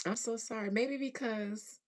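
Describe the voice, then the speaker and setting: Slow-talking woman, casual chat host. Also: on the high side. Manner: animated, laughs often, slangy, slow drawn-out delivery. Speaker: host reading chat comments.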